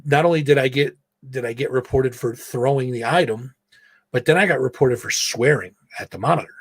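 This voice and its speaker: A man's voice: mid-range voice, no room sound. A man hosting a live stream show, telling a school story casually with lots of swearing and acted quotes. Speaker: host.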